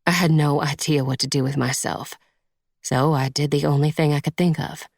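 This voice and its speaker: A woman reads a first-person romance audiobook in a measured, intimate manner. Her voice is low and has a gravelly fry in it. The recording is close and dry. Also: fairly even intonation, a little mellow, dry recording. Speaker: audiobook narrator.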